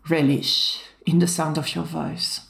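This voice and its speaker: A woman's voice: sits low, little pitch movement, a little slow, creaky. A woman co-hosting a podcast in casual chat, chiming in with short remarks and agreement. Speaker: podcast co-host.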